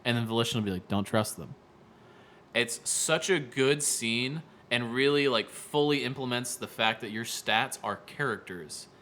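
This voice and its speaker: A man's voice: medium pitch, moderate pace, few pauses, sharp tone, a little hiss or hum. A man co-hosting a casual podcast chat, talking eagerly and leaning on filler words. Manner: enthusiastic, many "like" fillers. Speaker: podcast co-host.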